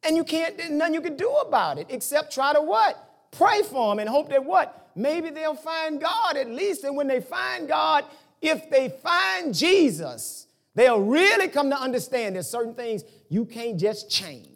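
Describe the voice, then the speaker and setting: A man preaching a sermon in a loose, colloquial way, now and then breaking into shouts. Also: very high-pitched, moderate pace. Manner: animated, colloquial, bursts into shouts.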